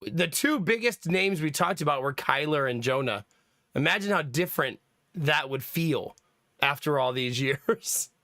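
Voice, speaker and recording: A man's voice: fairly high pitch, lively intonation, unhurried, pushed and bright, dry recording, clean studio sound. A young man hosting a livestream, chatting casually to his viewers, rambling from topic to topic and laughing often. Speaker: livestream host. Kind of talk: casual stream chat.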